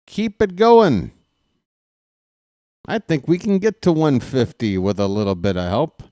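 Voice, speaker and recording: A man calling live baseball play-by-play as a partisan fan, growing excitable at big pitches and pleading with viewers between plays. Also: a little slow, no room sound, studio quality. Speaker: play-by-play announcer.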